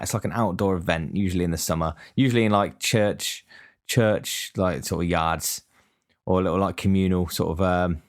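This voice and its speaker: A young man telling a rambling, sweary story in a casual, deadpan complaining way. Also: sits low.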